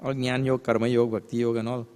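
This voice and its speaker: A man's voice: medium pitch, level tone, darkish tone, smooth. Man teaching scripture in a reverberant hall. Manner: explains scripture terms, asks rhetorical questions; recites verses in a slow chant. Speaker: swami, spiritual teacher. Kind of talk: spiritual lecture.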